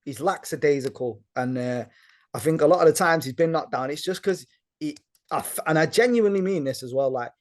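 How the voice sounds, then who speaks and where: A man with a Manchester accent, a guest giving blunt opinions in casual chat, animated and talking in quick bursts with lots of fillers. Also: a little high. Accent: Mancunian. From Manchester, England.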